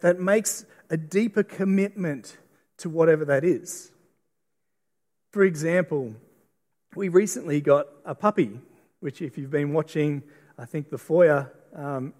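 A middle-aged Australian man preaches a sermon with a slightly raised pitch. He speaks earnestly, often repeating and restarting his words. His voice carries the long reverb of a church hall. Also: darkish tone. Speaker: pastor. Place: church auditorium.

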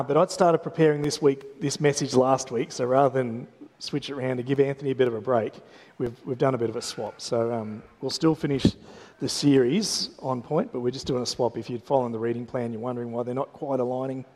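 A man's voice: mid-range voice, steady tone, brisk, a little mellow. An Australian man preaching a sermon in a church, telling a story in a chatty, humorous way with frequent restarts. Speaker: pastor. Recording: long hall reverb.

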